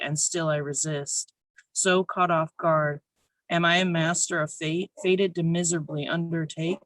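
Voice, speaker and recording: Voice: mid-range voice, a bit bright, no room sound. A poet reading their own spoken word poems at an online open mic, nervous but intense.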